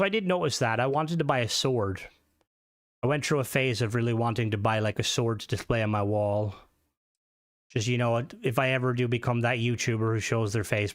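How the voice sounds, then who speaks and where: A young man hosting a casual live stream, rambling through stories and swearing often into a desk mic. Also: medium pitch. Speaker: livestream host.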